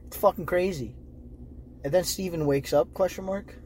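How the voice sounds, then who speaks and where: A man's voice: on the high side, normal speed, darkish tone, slight background noise. A young man co-hosting a podcast, chatting casually and swearing freely as he recaps scenes. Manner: profane, acts out scenes with quoted voices. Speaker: podcast co-host. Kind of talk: casual chat.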